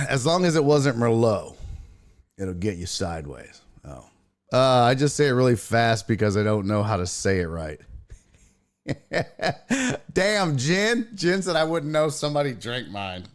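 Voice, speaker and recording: A medium-pitched, sing-song voice at a measured pace belongs to a podcast host on a live stream. He chats casually with swearing, calls out viewers by name, and reads the live chat.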